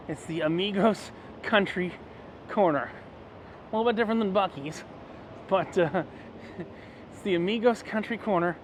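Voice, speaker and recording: Casual travel vlogger, male, high voice, rambling and excitable, recorded outside with loud background noise. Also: moderate pace, long pauses. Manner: chatty, excitable, rambling with fillers. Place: roadside stores and outdoors.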